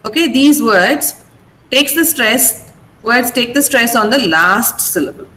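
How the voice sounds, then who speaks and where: A woman's voice: fairly high pitch, lively intonation, measured pace, bright, forceful tone, slight background noise, rough recording. A woman with an Indian English accent teaching an online vocabulary class, patiently drilling word stress. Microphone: video call.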